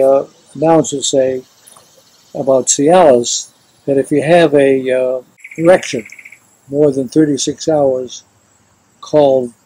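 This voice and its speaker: An older man doing stand-up, telling jokes with brash, loud punchlines. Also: medium pitch, husky, low-quality recording. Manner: brash punchlines, shouted tags. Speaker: comedian.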